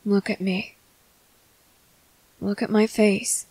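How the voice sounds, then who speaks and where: A woman voicing a tender young man comforting his partner in a whispered role-play, speaking softly, slowly and reassuringly. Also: mid-range voice, little pitch movement, breathy edge, no echo, poor audio. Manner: soft, slow, reassuring.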